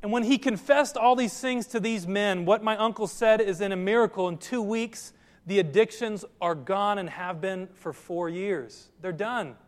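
A man preaches to his congregation in a high, clear register, asking pointed questions and pressing each point home. His voice rings out with long reverb, as if filling a church sanctuary. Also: moderate pace. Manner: earnest preaching, direct questions to listeners. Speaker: pastor. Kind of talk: sermon.

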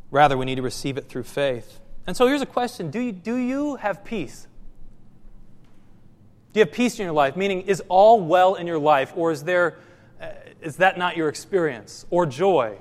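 A man's voice: fairly high pitch, expressive, normal speed, in a large hall. A man preaching a sermon as pastor, asking the congregation questions and repeating phrases for emphasis.

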